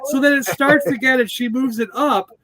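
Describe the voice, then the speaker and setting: A man's voice: very high-pitched, normal speed, bright, forceful tone, low-quality recording. A man in his fifties hosting a livestream video chat, telling stories and laughing often. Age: 50s. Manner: chatty storyteller, laughs often. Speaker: livestream host. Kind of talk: casual group video chat.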